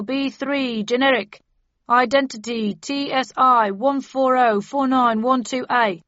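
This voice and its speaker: A woman's voice: a little high, fairly bright tone, no echo, pitched above the performer's own voice. A woman voicing a smug, cold male auctioneer. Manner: cold, mocking, drawn-out. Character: smug tall male auctioneer, hard-nosed dealer. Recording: dull dry studio recording.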